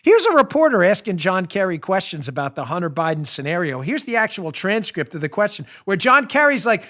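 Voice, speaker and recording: A man hosting a political talk show, emphatic and sarcastic, with rapid asides. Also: sits high, sing-song, a bit bright. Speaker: host.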